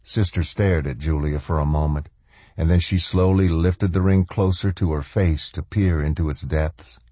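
A man narrating a novel as an audiobook reader in an even, measured way. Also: sits low, no room sound. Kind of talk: scripted narration.

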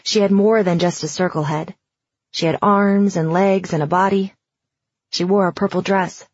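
Breathy woman narrating a story. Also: lowish voice, steady tone, moderate pace, darkish tone, no room sound, muffled recording. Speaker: audiobook narrator. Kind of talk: first-person audiobook narration.

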